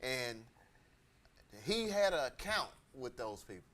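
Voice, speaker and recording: A man's voice: medium pitch, slow pace. A man hosting a casual chat, telling stories with laughter and acting out the people he quotes. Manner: animated, laughing, acts out quoted voices. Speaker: host.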